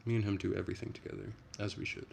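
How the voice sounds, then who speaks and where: A young man with a low, gravelly voice talks loosely on a late-night stream, drifting from one chat message to the next in a relaxed, rambling, soft-spoken way. A faint hiss sits beneath his voice.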